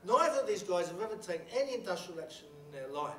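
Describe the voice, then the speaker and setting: A middle-aged Englishman speaks at a panel talk, telling a story in a halting, blunt way with many restarts and fillers. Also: high-pitched, very animated, faint music behind. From England. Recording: roomy hall from a distant mic with background noise.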